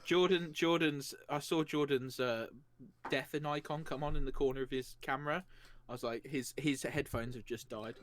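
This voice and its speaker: A man's voice: medium pitch, fairly even intonation, moderate pace. A man chatting casually during a tabletop game stream. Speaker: player. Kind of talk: casual chat.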